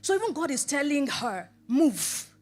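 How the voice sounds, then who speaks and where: A woman's voice: a little high, moderate pace. A middle-aged woman preacher giving a sermon, acting out scripture quotes and dialogue, asking rhetorical questions over and over and laughing often between her points. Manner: rhetorical questions, repeated for emphasis. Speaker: preacher and life coach.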